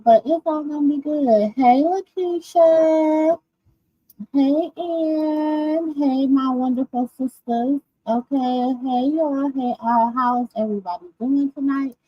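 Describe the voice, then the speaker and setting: Woman host, tired, unhurried livestream chat, muffled lo-fi audio. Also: fairly high pitch, dry recording. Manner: greets viewers by name, drawn-out. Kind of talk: late-night live chat. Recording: dull lo-fi stream audio.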